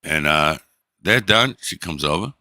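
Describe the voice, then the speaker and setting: A middle-aged man streaming, telling a story in a profane, animated way and acting out the people in it. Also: very deep voice, a little slow, no echo, clean studio sound. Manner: profane, animated, acts out the people in his stories. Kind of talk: casual storytelling.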